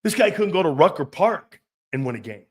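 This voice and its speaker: A man's voice: a little high, big pitch swings, brisk. A man hosting sports talk radio, ranting in a brash, profane way and laughing between his jabs. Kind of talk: opinionated sports radio rant.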